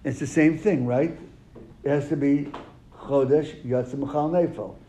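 A man's voice: fairly high pitch, steady tone, measured pace, warm tone. A man teaching a classroom lesson, asking his students questions and then answering them. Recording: echoey room, faint noise.

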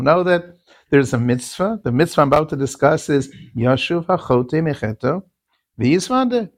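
A man's voice: fairly high pitch, no room sound, studio quality. A man teaching a Talmudic lecture, repeating key terms and asking rhetorical questions. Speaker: Torah teacher.

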